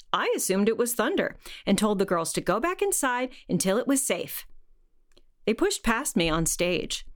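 A woman reading a short story aloud in a measured, deadpan narrating voice. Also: mid-range voice.

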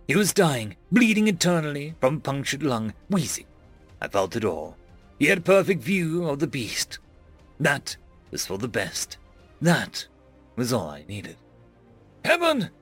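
A man narrating a web serial in first person, dramatic and expressive, dropping to a hush at pauses. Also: on the high side, vocal fry. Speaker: audiobook narrator.

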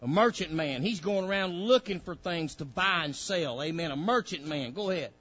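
A man's voice: fairly high pitch, animated, moderate pace, a bit bright, highs cut off, soft background music. A male preacher, delivering a fiery sermon with folksy grammar, directing a reader and acting out pleading voices.

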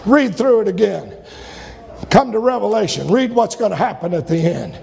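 High, gravelly-voiced preaching pastor, man. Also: lively intonation, normal speed, big-room sound. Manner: preaching with loud shouted peaks and sudden drops. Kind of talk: sermon.

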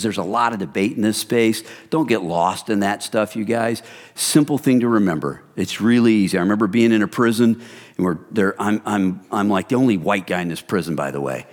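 A man preaching a sermon in a conversational, animated storytelling manner, often speaking directly to the congregation. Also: fairly low pitch. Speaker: pastor. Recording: long hall reverb.

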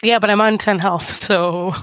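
A woman's voice: medium pitch, steady tone, moderate pace, fairly bright tone, no echo, clean studio sound. A woman playing a tabletop game, casual and joking. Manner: joking, playful. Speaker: player.

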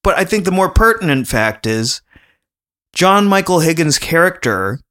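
A man's voice: on the high side, sing-song, normal speed, bright, forceful tone. A man co-hosting a casual podcast, talking in a chatty, rambling way and laughing often. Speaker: podcast co-host.

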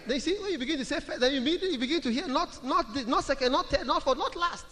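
A male pastor preaching a sermon in church, chanting short scripture phrases over and over and building to loud calls. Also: very high-pitched, expressive, rapid-fire, in a large hall, faint music behind.

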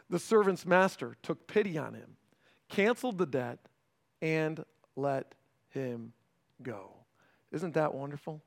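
A pastor preaching a sermon in a conversational way, often checking in with the congregation and dropping to a hushed, slow delivery for emphasis. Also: male voice, a little high, lively intonation, creaky. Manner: swings between raised emphasis and hushed, slowed delivery.

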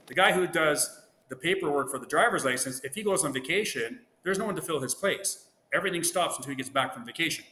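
A man's voice: on the high side, fast, bright, forceful tone. A man from Ontario, a guest, telling anecdotes in casual chat and acting out the dialogue he quotes. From Ontario, Canada. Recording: roomy echo with long reverb, faint noise.

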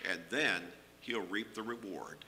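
A middle-aged man preaching a sermon, earnest and emphatic, rising on key phrases and dropping low at the ends. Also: takes it slowly, pushed and bright.

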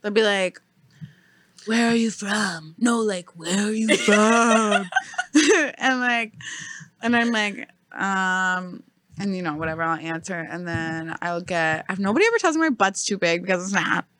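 A young woman talks loosely with a friend on a podcast, blunt and quick to swear. Her voice is bright and lively. The sound is dry and close, with no room around it. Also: medium pitch, dry recording. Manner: blunt, swears freely, laughs often. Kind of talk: casual chat.

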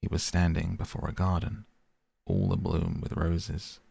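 A man reading a storybook aloud as narrator, measured and gentle. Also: sits low, flat delivery, gravelly, breathy edge, no room sound. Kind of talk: audiobook reading.

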